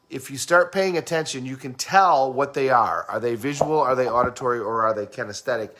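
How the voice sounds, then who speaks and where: A man in a casual teaching talk who explains communication styles, asks the listener questions and acts out fast and slow talkers. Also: mid-range voice, fairly bright tone.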